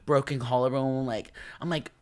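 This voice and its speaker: A young man telling a story in casual chat as a guest, animated and acting out what other people said. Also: normal speed. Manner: animated storyteller, acts out quoted people in high yelps.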